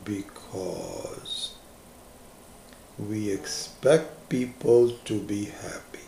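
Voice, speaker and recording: A man giving a slow, reflective spiritual lecture as a teacher, stressing key words with rising emphasis. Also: on the low side, gravelly, mellow, a little hiss or hum. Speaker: Vedanta teacher. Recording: echoey lecture room.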